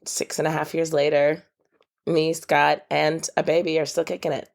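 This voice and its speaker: A woman's voice: deep voice, little pitch movement, normal speed, gravelly. An American woman in her thirties, a podcast guest telling stories in casual chat and laughing as she talks. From United States. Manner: chatty storyteller, laughs while talking.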